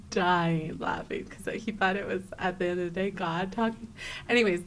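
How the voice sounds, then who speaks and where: A young adult woman appears as a podcast guest, telling a personal story in a casual interview. Her voice is lowish and her speed normal; she's animated, acting out her own exclamations and restarting often.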